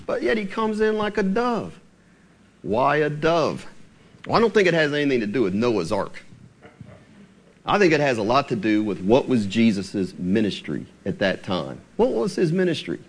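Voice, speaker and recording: A man preaching a sermon, asking the congregation rhetorical questions and slowing down to read scripture aloud. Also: medium pitch. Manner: animated, asks rhetorical questions, slows for scripture.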